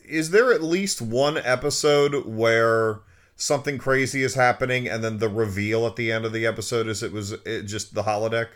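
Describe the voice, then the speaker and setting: A man's voice: mid-range voice, normal speed. A man in casual chat, asking curious questions and joking along. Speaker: podcast co-host.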